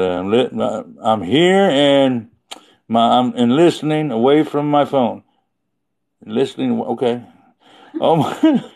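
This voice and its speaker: A man's voice: mid-range voice, gravelly, darkish tone. A man hosting a casual livestream from his phone, rambling and chatty and laughing often. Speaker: livestream host.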